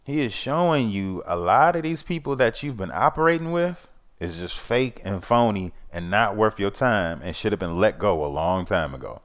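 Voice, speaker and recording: A man hosts his own vlog in a casual monologue, his lowish voice fairly bright with lively intonation at a moderate pace. He rambles earnestly and a bit preachily, often repeating "you know what I mean."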